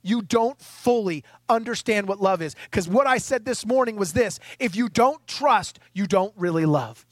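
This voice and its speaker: A middle-aged male pastor with a notably high voice delivers a sermon in an emphatic, conversational way, throwing rhetorical questions at the congregation. At times he grows tearful and choked. The sound is dry and close, with no room around it. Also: moderate pace, no echo.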